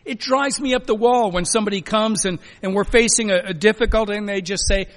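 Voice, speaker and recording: Male pastor preaching, emphatic, bright forceful voice, fairly high pitch, long church reverb. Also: fast talker, hardly any pauses. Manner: emphatic, swings from loud exhortation to soft quiet lines. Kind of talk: sermon.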